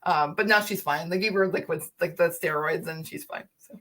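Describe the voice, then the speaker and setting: A woman's voice: on the low side, moderate pace, a bit bright. A young woman co-hosting a casual livestream chat, telling a story with lots of "like" and nervous laughter. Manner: breathless, laughing storytelling with many "like"s. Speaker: co-host.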